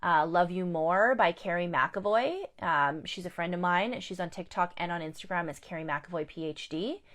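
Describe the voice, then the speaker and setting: Candid lower-voiced woman life coach. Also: moderate pace, a bit bright. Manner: candid, emphatic, repeats key points. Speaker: life coach and survivor advocate. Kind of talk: live-stream talk.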